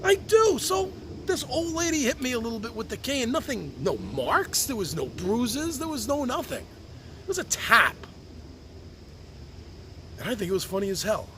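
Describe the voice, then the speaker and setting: A man's voice: very high-pitched, very animated, normal speed, a little hiss or hum. A man speaking a heartfelt open letter on his podcast, reflective and earnest, sometimes restarting his sentences. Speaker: podcast host writing to his birth mother. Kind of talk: personal open-letter monologue.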